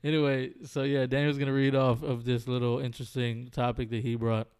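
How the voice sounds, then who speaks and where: A man's voice: mid-range voice, little pitch movement, brisk, a little mellow, smooth. A man co-hosting a podcast in casual chat, joking and teasing with frequent laughs. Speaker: podcast co-host.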